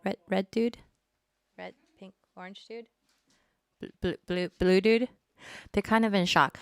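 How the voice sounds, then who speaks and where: A woman's voice: medium pitch, steady tone, measured pace, smooth, no echo. Woman, medium voice, playful, rambling, laughing, dry close recording. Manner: playful, rambling, with frequent laughs and dramatic asides. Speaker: singer on a live-streamed show. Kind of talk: casual chat to a live stream.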